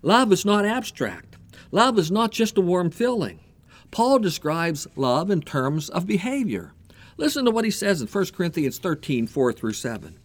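A man preaching a sermon, animated and repeating himself as he builds his point. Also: sits high, normal speed. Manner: animated preaching with repetitions and a told joke. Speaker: pastor.

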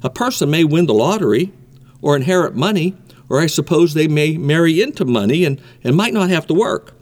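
A man's voice: a little high, animated, fairly quick. A man preaching a sermon in an emphatic way, repeating his key points.

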